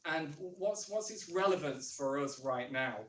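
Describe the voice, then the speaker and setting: A man's voice: on the high side, lively intonation, unhurried, fairly bright tone. A man with a Northern English accent giving a sermon in a conversational way, posing questions as he thinks aloud. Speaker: preacher. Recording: echoey church room from far off.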